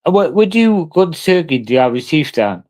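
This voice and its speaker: A man's voice: fairly high pitch, very animated, brisk, a little mellow. Brash sweary streamer man. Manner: brash, sweary, talks back to chat. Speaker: livestreamer. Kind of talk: casual live-stream chat.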